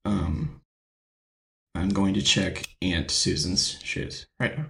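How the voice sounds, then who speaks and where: Man player, low and gravelly, eager questioner in tabletop comedy. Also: takes it slowly, a bit bright, a little hiss or hum.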